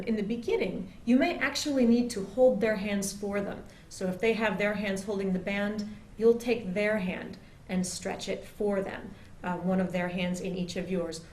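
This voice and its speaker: A woman teaches pronunciation in an explanatory, patient way, pausing on fillers and drawing out example words slowly. Her voice sits at a middle pitch. The room has a noticeable echo and a faint ambient hum underneath. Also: a little mellow. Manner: demonstrates words slowly and drawn out. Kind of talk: pronunciation lesson.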